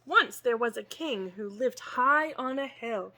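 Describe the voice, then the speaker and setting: A woman reads a picture book aloud to young listeners in an expressive storytelling voice. She takes her time and her voice rises and falls widely. The tone is high and bright. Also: unhurried, poor audio. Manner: expressive, sing-song storytelling. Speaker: student success advisor reading to children.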